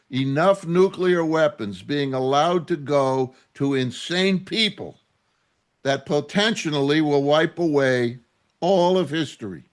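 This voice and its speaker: A male rabbi giving an impassioned, indignant sermon with emphatic, repeated phrases. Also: mid-range voice.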